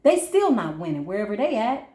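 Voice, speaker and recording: A woman's voice: mid-range voice, sing-song, a little fast, roomy sound. A woman giving a casual spiritual pep talk during a card reading, speaking emphatically and colloquially and calling listeners baby and boo. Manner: swings between preachy intensity and quiet asides. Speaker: spiritual reader.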